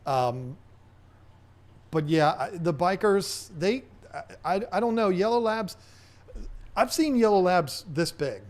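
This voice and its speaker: Chatty rambling man, slightly high voice. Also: lively intonation, slow pace, long pauses, a little mellow. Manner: chatty, rambling, reads viewer comments aloud. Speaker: host. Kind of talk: casual livestream Q&A chat.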